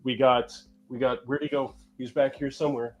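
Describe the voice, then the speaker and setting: A man from Canada co-hosting a casual collector podcast, talking quickly with lots of fillers and restarts. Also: mid-range voice, little pitch movement, darkish tone, muffled recording, faint music behind. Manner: quick, rambling, many fillers. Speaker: podcast co-host. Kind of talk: casual chat.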